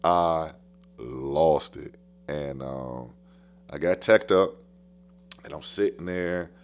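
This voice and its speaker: Guest basketball coach, man, very low voice, animated slangy storyteller who repeats himself for emphasis. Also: slow, smooth. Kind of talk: casual podcast storytelling.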